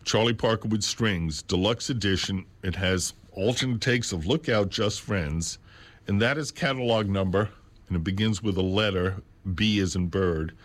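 A man hosting a radio show from a studio, talking in an unscripted way and slowly spelling out catalog numbers. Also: on the low side. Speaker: radio host. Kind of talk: unscripted radio talk about records. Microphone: studio mic on a stand.

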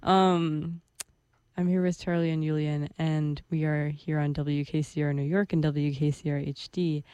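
A young woman hosting a radio music show, talking in a loose, chatty way with her co-hosts. Her voice is mellow and soft at the edges. The sound is close and dry, straight from a studio mic. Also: deep voice, normal speed, clean tone, no room sound. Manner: relaxed, chatty, light laughter. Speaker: radio host. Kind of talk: casual radio chat.

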